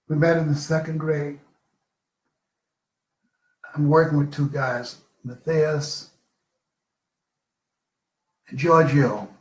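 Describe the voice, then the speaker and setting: An older man giving a live motivational talk, telling personal stories with dramatic pauses. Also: a little high, reverberant. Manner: storytelling, slow with dramatic pauses. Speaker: motivational speaker.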